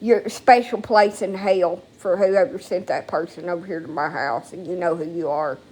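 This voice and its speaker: A woman's voice: lowish voice, steady tone, moderate pace, a little mellow. A woman talking casually into a phone at home, rambling and emotional, with frequent swearing. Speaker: vlogger. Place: at home, indoors.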